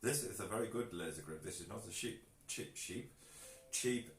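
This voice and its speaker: A man with a very low voice chatting easily on a live stream and reading out viewer comments. He sits back from the mic in an echoey room, with faint noise behind him. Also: lively intonation, normal speed, far from the mic. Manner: easygoing, reads out viewer comments. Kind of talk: casual chat.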